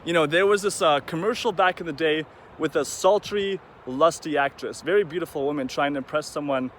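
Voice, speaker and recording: Man, rambling casual vlog, slightly high voice, faint traffic hiss behind. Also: brisk. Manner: rambling, conversational, acts out quoted voices. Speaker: vlogger. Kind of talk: casual monologue to camera.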